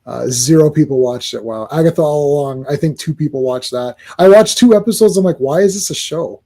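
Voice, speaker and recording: A man co-hosting a casual podcast chat, blunt and opinionated, getting excitable. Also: on the high side, fairly quick. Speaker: podcast co-host.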